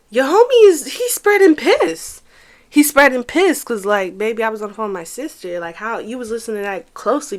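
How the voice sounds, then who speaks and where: A young woman, telling a casual storytime to her viewers in an animated, profane way, talking straight to them. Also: medium pitch. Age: young adult.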